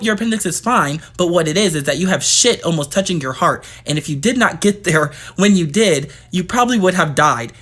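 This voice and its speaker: Fast, rambling young man with a raised voice. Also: fairly high pitch, fairly bright tone. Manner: rambling, crude, exasperated retelling. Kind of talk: casual storytime monologue.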